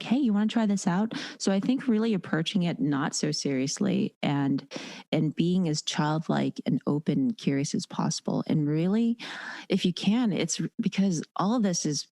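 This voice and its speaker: A woman dominatrix and educator talking casually as a podcast guest, animated, acting out quoted lines. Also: low-pitched, vocal fry, no room sound. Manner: animated, acts out quoted voices.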